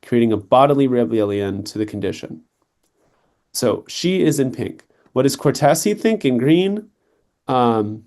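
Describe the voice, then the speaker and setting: A man's voice: mid-range voice, animated, measured pace, darkish tone. A young adult man tutoring, explaining reading test answers in a conversational way and checking in with the listener as he goes. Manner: conversational, checks in with "right?" and "okay".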